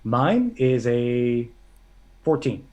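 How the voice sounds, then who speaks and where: A man's voice: medium pitch, sing-song, very slow, warm tone, highs cut off. A man playing a tabletop game, hesitant and thinking aloud as he asks about rules. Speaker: player.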